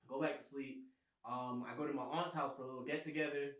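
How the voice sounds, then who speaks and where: Another laid-back story from a man co-hosting a podcast, who laughs along with it casually. His mid-range voice is steady, fast and fairly bright, with a roomy echo around it.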